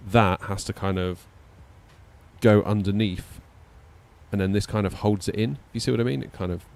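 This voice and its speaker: A man's voice: low-pitched, creaky, a little mellow. A man chatting casually on a live stream, rambling with many fillers and little laughs. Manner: rambling, hesitant, lots of fillers and self-deprecating laughs. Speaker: flight sim streamer.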